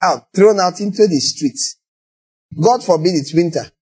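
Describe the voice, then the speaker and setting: A man with a Nigerian accent preaching a sermon, animated and acting out little scenes in other voices. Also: sits high, a little slow, breathy edge.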